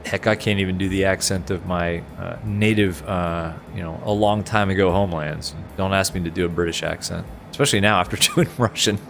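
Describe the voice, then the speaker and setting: A man's voice: low voice, fairly even intonation, brisk, gravelly, hardly any pauses, soft background music. A man chatting casually on a flight sim live stream, self-deprecating and reading chat aloud, over a headset mic.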